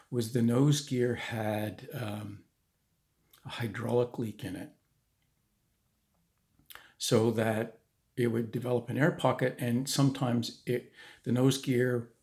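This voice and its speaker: A man's voice: medium pitch, vocal fry, a little mellow. A man telling a true story in a casual, conversational way, with restarts and asides.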